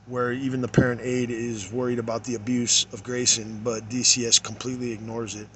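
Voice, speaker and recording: Halting father reading case notes aloud. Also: medium pitch, little pitch movement, a little hiss or hum. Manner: halting, many fillers, trails off quietly. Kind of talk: reading documents aloud with commentary.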